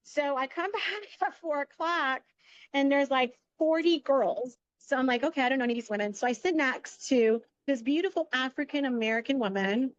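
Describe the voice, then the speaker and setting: With a voice that sits high and a normal speaking speed, a middle-aged woman guest tells a lively, casual story and voices the characters' lines herself. She's a media entrepreneur. The audio has no echo, but the highs are cut off.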